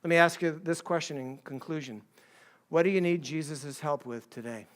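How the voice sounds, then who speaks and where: Middle-aged male pastor, higher voice, conversational sermon, acts out quotes. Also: normal speed. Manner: conversational, acts out quoted voices, swings between soft and emphatic.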